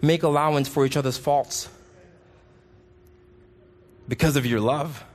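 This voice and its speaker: A man preaching a sermon with passion, pleading loudly at times and then dropping his voice low. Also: fairly even intonation, a little slow. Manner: impassioned, rising to pleading shouts and dropping low.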